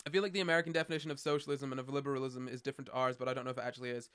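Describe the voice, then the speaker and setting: A man's voice: mid-range voice, steady tone, racing, a bit bright, smooth. A man from Scotland with a Scottish accent, chatting casually on a live stream in a rambling, sardonic way. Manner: rambling, sardonic, many restarts and fillers. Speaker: streamer answering chat.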